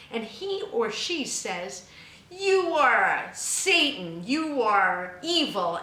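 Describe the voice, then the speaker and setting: A woman's voice: a little high, pushed and bright, echoey room, a little hiss or hum, poor audio. A woman hosting a spiritual radio show, speaking in an emphatic, impassioned monologue that rises to fervent peaks. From United States.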